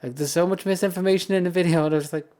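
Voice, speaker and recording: A man's voice: sits high, fairly even intonation, very fast, darkish tone. Rambling British man streaming a game. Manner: rambling, self-amused, laughs often. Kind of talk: casual chat while gaming. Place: home streaming setup.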